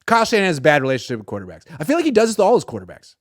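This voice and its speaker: Brief: a lively, sarcastic man riffing on football, his voice swinging all over, recorded close and dry. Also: fairly high pitch, very fast, dry recording. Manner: animated and sarcastic, acts out imagined dialogue. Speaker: sports commentator. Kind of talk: sports commentary monologue.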